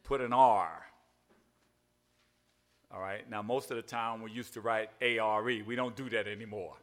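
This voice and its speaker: A man's voice: fairly low pitch, fairly even intonation, normal speed. An older man preaching an evening sermon in a folksy way, spelling words out and asking "all right?" again and again. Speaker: pastor.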